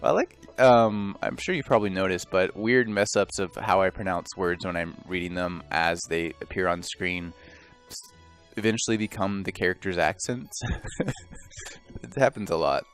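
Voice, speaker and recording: A man's voice: sits low, normal speed, a bit bright, faint music behind. Rambling, joking man in game commentary. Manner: rambling, self-interrupting, joking. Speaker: let's play host. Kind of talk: casual gameplay commentary.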